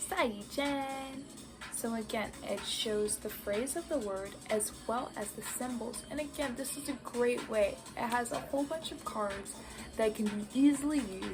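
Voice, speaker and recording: Encouraging American woman vlogger over music. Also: fairly high pitch. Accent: American English. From United States. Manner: earnest, encouraging, chatty. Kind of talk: casual language-learning vlog. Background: background music.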